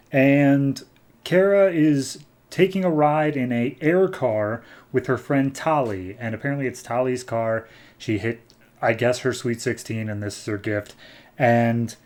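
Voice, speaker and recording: Male comics podcaster, loose and chatty, mid-range voice, quick character asides. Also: medium pitch, darkish tone. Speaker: comic book podcast host. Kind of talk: casual comic recap.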